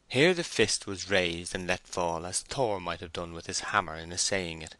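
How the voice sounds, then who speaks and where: A man reading a classic novel aloud in a measured, deliberate narration. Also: deep voice, expressive, pushed and bright, dry recording. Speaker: audiobook reader.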